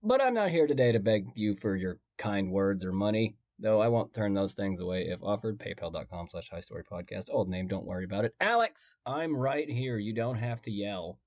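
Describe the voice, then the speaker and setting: A man's voice: deep voice, expressive, brisk, few pauses, mellow, no echo. A man hosting a storytelling podcast, talking in a conversational, wry and self-deprecating way. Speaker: podcast host and narrator.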